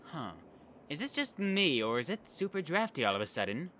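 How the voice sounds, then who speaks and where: A man's voice: a little high, big pitch swings, normal speed, bright, forceful tone, a little hiss or hum. A man voicing a cheerful, curious young paper girl with a put-on European accent, eager and chatty. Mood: excited. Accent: European-tinged, put on. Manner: eager, wide-eyed and chatty. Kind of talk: reading game dialogue aloud.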